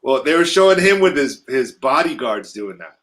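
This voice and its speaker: A man's voice: mid-range voice, sing-song, moderate pace, fairly bright tone, rough recording. A man co-hosting a casual livestream chat, telling loose, joking stories. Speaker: livestream co-host.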